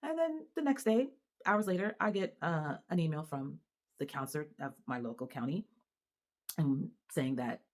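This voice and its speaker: Low-voiced woman venting to camera. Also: normal speed. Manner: animated and exasperated, many restarts and fillers. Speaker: mother and vlogger. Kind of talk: casual venting monologue to camera.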